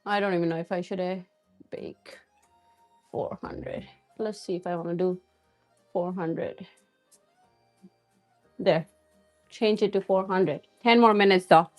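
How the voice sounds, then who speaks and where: Soft music plays behind a woman whose voice is fairly low and steady as she hosts a cooking stream. She talks at a measured pace with frequent pauses, casually chatting, answering comments, and laughing often.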